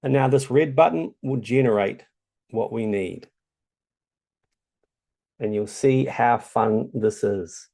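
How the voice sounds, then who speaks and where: The voice here belongs to a New Zealand man running a casual screen-share tutorial, relaxed and chatty with many ums. It is medium-pitched and darkish, slow, with vocal fry and long pauses.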